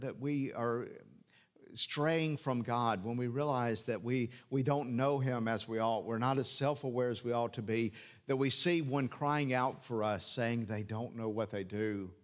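An earnest male pastor preaching an expository sermon at a mid-range pitch. He unpacks scripture phrase by phrase, poses rhetorical questions and repeats key phrases for weight. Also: measured pace.

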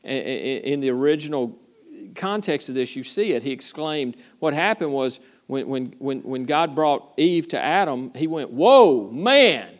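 A pastor preaching a sermon in an earnest, emphatic manner, with frequent repetitions and playful asides. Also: male voice, mid-range voice, normal speed.

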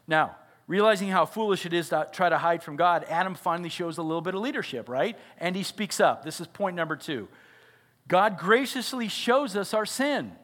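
A man's voice: sits high, expressive, normal speed, fairly bright tone. A father and pastor preaching a sermon, earnest and often asking his listeners questions. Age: adult father. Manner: earnest, asks the audience questions.

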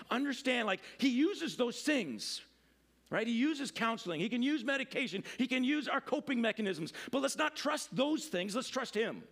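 A man's voice: high voice, creaky, a bit bright. A middle-aged man, a pastor, giving a conversational sermon, full of fillers, restarts and asides to the congregation.

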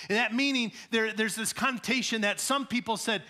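A pastor who grew up in the Chicago area preaches a sermon, with animated delivery, humor and acted-out quotes. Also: male voice, very high-pitched, fairly quick, few pauses. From Chicago area, USA. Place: church sanctuary at a podium.

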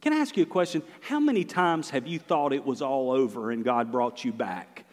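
A man's voice: medium pitch, expressive, moderate pace. Preaching man in a reverberant hall. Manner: preaching with swings from loud to hushed. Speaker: pastor. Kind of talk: sermon.

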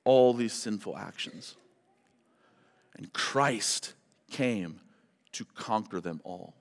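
A man's voice: on the low side, animated, slow, vocal fry, in a large hall. A pastor preaching a sermon to his church, talking conversationally and then building to impassioned emphasis. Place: church service.

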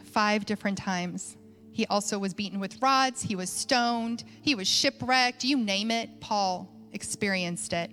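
A woman's voice: mid-range voice, measured pace, a bit bright. A woman speaking to a congregation, telling a personal story in a chatty, conversational way with many fillers and restarts. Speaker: church speaker. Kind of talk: sermon storytelling. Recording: faint music behind.

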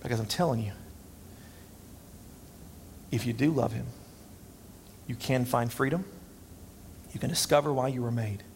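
A man's voice: mid-range voice, measured pace, creaky, long pauses, a little mellow, slight background noise. A man preaching a sermon as pastor, conversational and self-deprecating. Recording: long reverb.

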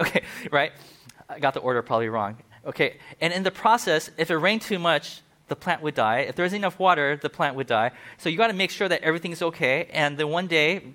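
A man's voice: a little high, sharp tone. A male pastor giving a conversational sermon, full of asides and acted-out quotes.

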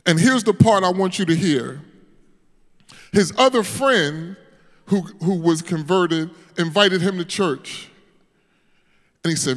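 A man with a high, bright pitch preaches to his congregation, telling a conversion story. He swells from hushed narration into shouted, sing-song peaks. His voice rings out with a long hall echo, as in a church sanctuary. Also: animated, measured pace. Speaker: pastor. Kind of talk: sermon.

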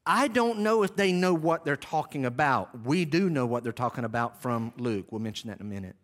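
A man teaching verse by verse from scripture, animated, moving between lively reading and quiet low asides. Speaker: Bible teacher.

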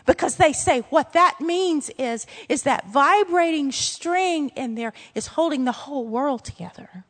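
Earnest, high-voiced Louisiana woman teaching a Bible lesson; emphatic, with asides; long hall reverb. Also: animated, unhurried.

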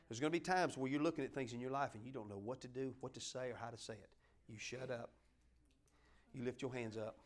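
A man preaching a folksy sermon, joking with his congregation and asking them to help him along. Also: mid-range voice. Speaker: pastor.

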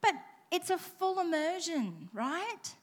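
A woman delivers a sermon in a bright, high voice. She preaches with animated energy and slips into playful, self-deprecating stories. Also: slow pace. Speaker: pastor.

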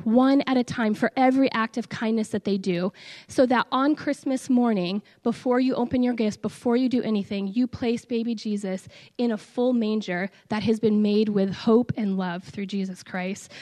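Middle-aged woman, slightly high voice, earnest church testimony, halting with fillers. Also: steady tone, a little mellow. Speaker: church speaker. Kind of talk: testimony talk to a congregation.

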